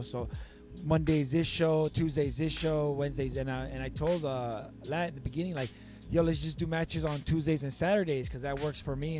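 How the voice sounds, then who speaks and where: Animated man with a higher voice. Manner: animated storytelling, acts out quotes. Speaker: podcast producer and co-host. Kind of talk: casual podcast chat.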